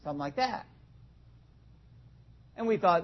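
A man with a very high voice preaches slowly and deliberately to his congregation. He talks to them directly, throws questions at them and acts out small scenes as he goes. The sound is dull and lo-fi. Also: lively intonation. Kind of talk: conversational sermon. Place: church in front of a congregation.

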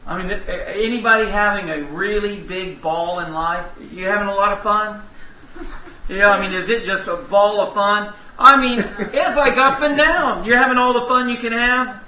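A man's voice: high-pitched, fairly even intonation, moderate pace. A man preaching a sermon in a church, telling folksy, humorous stories. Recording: echoey hall, distant mic, dull sound.

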